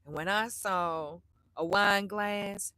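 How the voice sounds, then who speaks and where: In a dry recording, a middle-aged woman with a medium-pitched voice takes her time telling a story to her live chat. As a vlogger she's blunt and lively, swearing openly and acting out everyone she quotes.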